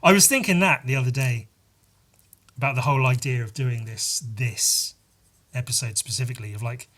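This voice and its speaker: A man's voice: medium pitch, normal speed, a bit bright. A man hosting his own podcast in a casual solo monologue, rambling and self-deprecating and swearing now and then. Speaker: podcast host.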